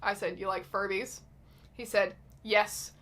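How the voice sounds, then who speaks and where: A woman hosting her own channel, reading out chat messages in a casual, wry, deadpan way with some swearing. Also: mid-range voice, measured pace. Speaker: YouTube host.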